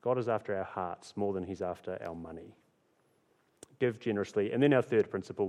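A man's voice: fairly low pitch, fairly quick, a little mellow. A man preaching a sermon as pastor, earnest and repeating key phrases for emphasis. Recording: long hall reverb.

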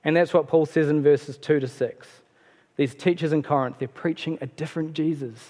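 A man preaching a sermon in a relaxed, conversational way, with fillers and self-corrections. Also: on the high side, moderate pace. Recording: long hall reverb.

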